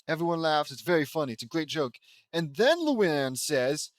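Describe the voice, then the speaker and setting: A man's voice: fairly high pitch, sing-song, no room sound. A man reading a fan fiction aloud as a comedy, breaking off for exasperated, sarcastic remarks. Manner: exasperated, sarcastic asides and quick mock voices. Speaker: reader mocking a fan fiction.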